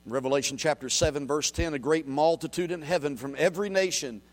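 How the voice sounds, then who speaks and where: A man preaching a sermon, reading scripture aloud and swinging from quiet, low murmurs to loud, raised declarations. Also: fast talker, hardly any pauses. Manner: reads scripture aloud and asks the congregation to repeat. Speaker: pastor.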